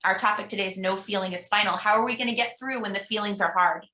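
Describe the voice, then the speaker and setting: A woman guest minister giving an upbeat all-ages talk in a recorded church service, leading call-and-response affirmations with slow, deliberate pauses. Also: mid-range voice, fairly even intonation, bright, forceful tone. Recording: roomy echo.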